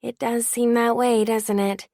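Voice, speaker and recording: A woman voicing a tired young female assistant and student, bright on the surface but weary. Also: a little high, level tone, unhurried, no room sound, studio quality, voice pushed up.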